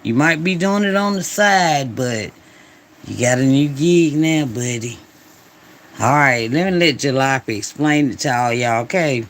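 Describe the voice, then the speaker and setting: A man hosting a reaction video, talking casually with slow, drawn-out phrasing and laughing asides. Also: medium pitch, a bit bright. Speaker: reaction channel host.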